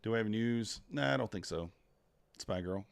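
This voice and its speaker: A man's voice: fairly low pitch, moderate pace, vocal fry, clean tone, no echo. A man trading futures live on a stream, talking to himself and to the chat, groaning at each loss and muttering over the charts. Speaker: live-streaming day trader.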